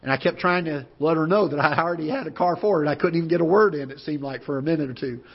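A man in his fifties with a Midwestern American accent, preaching a sermon and telling a personal story in an earnest way, with pauses and restarts. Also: a little high, slightly rough. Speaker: pastor. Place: church auditorium. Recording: muffled church broadcast audio.

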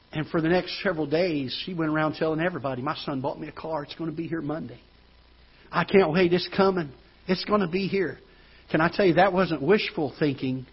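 A man preaching a sermon as pastor, moving from hushed storytelling to loud, rising preaching. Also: fairly high pitch, slightly rough. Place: church auditorium. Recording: dull lo-fi church broadcast.

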